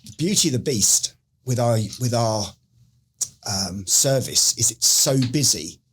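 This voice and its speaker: A middle-aged man from the United Kingdom, formerly a special forces medic, speaks at medium pitch and a measured pace, with a little hiss or hum on the recording. He narrates a story in a casual interview as a lively storyteller, performing the quoted dialogue.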